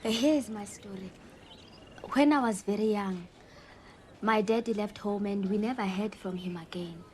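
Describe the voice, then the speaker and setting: A woman's voice: mid-range voice, moderate pace, a little mellow, slight background noise, close to an everyday voice. A woman playing an earnest, polite young woman client telling her family story.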